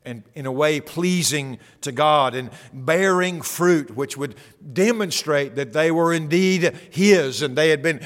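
A man's voice: mid-range voice, a bit bright, big-room sound. A male pastor giving a sermon in a conversational preaching style, often asking the listeners rhetorical questions.

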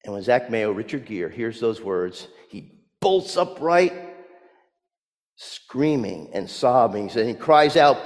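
A male pastor preaching a sermon, telling a story and swinging from hushed words to loud emphasis. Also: mid-range voice, animated, a little slow, long reverb tail.

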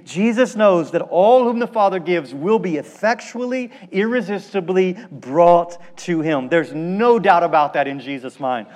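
A man preaching a sermon as pastor, building emphatic repeated phrases and dropping to hushed lines. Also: high-pitched, animated, a little slow, hardly any pauses. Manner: preaching with emphatic, rhythmic repetition and dramatic drops to a hushed voice.

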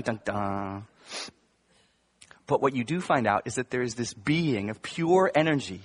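Higher-voiced male pastor preaching. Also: fairly bright tone, husky. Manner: conversational, with humorous asides and emphatic bursts. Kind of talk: sermon. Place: church before a congregation.

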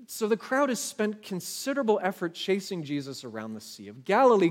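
High-voiced pastor in a reverberant hall. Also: male voice. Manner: earnest, asks the listeners questions. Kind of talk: sermon. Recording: long reverb of a large hall.

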